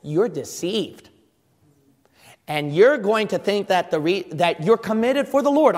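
A man's voice: high voice, lively intonation, moderate pace, long reverb tail. A man preaching a fervent sermon as pastor, firing rhetorical questions at his congregation.

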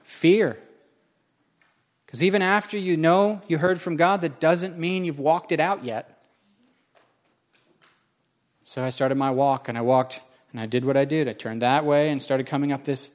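A man's voice: on the high side, normal speed. A man preaching a sermon, telling a personal story with self-mocking humor and emphatic repetition. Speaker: pastor.

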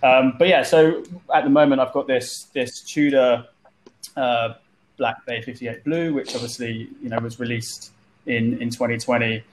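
A man's voice: medium pitch, steady tone, moderate pace, low-quality recording. A man telling stories in a casual group chat, often repeating words as he starts a phrase. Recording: light background noise.

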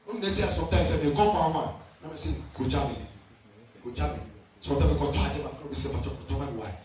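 A man's voice: on the high side, fairly even intonation, quick pace. A man preaching a sermon as pastor, calling out to his congregation and switching between languages. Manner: preaching loudly with shifts between languages and call-and-response. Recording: distant mic in a very echoey hall with faint music.

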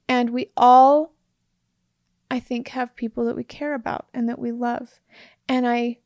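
High-voiced woman, chatty and earnest. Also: vocal fry, darkish tone, no echo, clean studio sound. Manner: earnest, chatty, laughs often. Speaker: co-host, married partner. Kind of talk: casual relationship advice chat.

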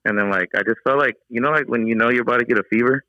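A man's voice: mid-range voice, rapid-fire, no room sound. A man calling in to a podcast, chatting casually and rambling with lots of fillers over a call line. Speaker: caller. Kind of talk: casual chat. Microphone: phone call. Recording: dull dry phone call.

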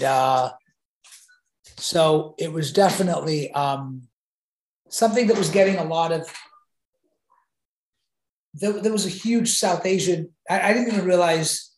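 A man being interviewed, telling an animated anecdote with frequent restarts and repeated words. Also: fairly high pitch, unhurried, long pauses, slight background noise. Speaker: interview guest. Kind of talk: conversational storytelling. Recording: roomy echo.

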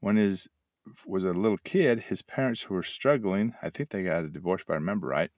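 A man's voice: low voice, fairly quick, a little mellow, dry recording, studio quality. An older man hosting a motivational talk, telling folksy stories and acting out little sound effects. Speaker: host and addiction mentor trainer.

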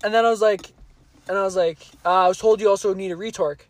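A man co-hosting a casual podcast, spinning a long profane story from work. His voice sits high for a man and the sound is dry and close, with no room around it. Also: steady tone, quick pace, dry recording. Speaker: podcast co-host.

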